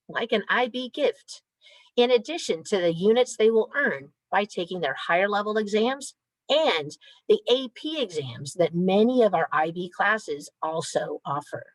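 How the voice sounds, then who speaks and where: A woman who coordinates a school program gives a clear, methodical and upbeat presentation to parents over a video call. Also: medium pitch, dry recording, poor audio.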